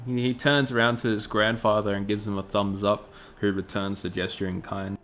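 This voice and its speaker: A man running a tabletop game as game master, narrating in a casual, relaxed way. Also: lowish voice, moderate pace, soft background music.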